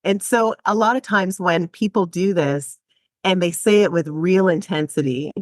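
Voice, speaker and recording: A psychotherapist appears as a guest in a podcast interview, talking animatedly, laughing often, and acting out quoted voices. Her voice is lowish at a normal speed, and the recording is dry.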